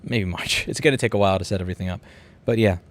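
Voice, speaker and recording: Fast-talking New York man, low voice. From Queens, New York City. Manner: rapid, rambling, restarts and repeats words, blunt and profane. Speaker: livestream host. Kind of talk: casual livestream chat, reading viewer comments.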